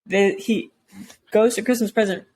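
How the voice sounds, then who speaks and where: A woman co-hosting a casual movie review podcast, animated and laughing, acting out quotes from the film. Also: moderate pace, slight background noise. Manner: animated, laughing, acts out quotes in high voices. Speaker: podcast co-host.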